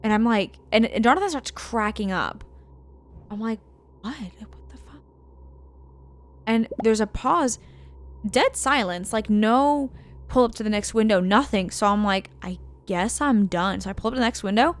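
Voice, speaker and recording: A woman co-hosting a game let's play, telling a profane, animated anecdote in a casual chat style. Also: a little high, normal speed. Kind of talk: casual storytelling while gaming.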